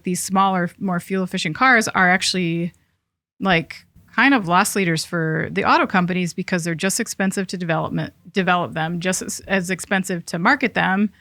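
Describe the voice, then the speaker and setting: A woman's voice: fairly low pitch, creaky, a bit bright, no room sound. A woman co-hosting a manufacturing news podcast, chatting casually with many fillers and laughing often. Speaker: podcast co-host. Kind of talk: casual chat.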